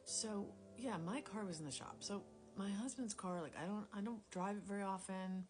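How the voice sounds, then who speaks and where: A woman telling a personal faith story in a casual, rambling, self-deprecating way, dropping into quiet whispers at times, recorded on a phone. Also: medium pitch, moderate pace. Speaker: Christian storyteller sharing a testimony. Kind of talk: casual spoken testimony. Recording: music playing clearly behind the voice.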